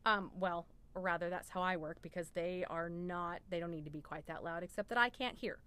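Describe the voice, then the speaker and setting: A woman's voice: on the low side, a little fast, sharp tone, smooth. A woman guest on a podcast, chatting casually in a rambling, self-deprecating way. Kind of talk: casual chat.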